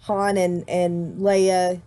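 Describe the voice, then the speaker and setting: A woman's voice: fairly low pitch, flat delivery, extremely slow, warm tone. A woman hosting a casual movie discussion, chatty and long-winded, restarting her sentences often. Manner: chatty, explains at length with frequent restarts. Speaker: host.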